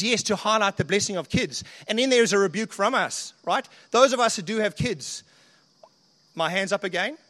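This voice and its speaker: A man's voice: sits high, sharp tone, big-room sound. A man preaching a sermon in an earnest, conversational way, often asking the listeners questions. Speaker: pastor.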